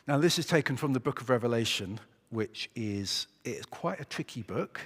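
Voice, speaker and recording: A man preaching a sermon in a church, chatty and relaxed with hesitations and a joking touch. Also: mid-range voice, moderate pace, husky. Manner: conversational, hesitant with fillers, joking. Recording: echoey church hall.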